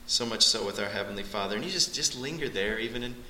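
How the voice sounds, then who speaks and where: Male Bible teacher, piercingly bright voice, animated expository style, echoey room. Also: fast talker, a little hiss or hum. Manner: animated, surges in pitch on key points.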